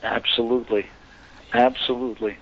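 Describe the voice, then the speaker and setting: An older man, a guest actor, telling lively anecdotes in an interview and acting out the voices of people he quotes. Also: mid-range voice, normal speed, vocal fry, highs cut off. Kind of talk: storytelling interview chat.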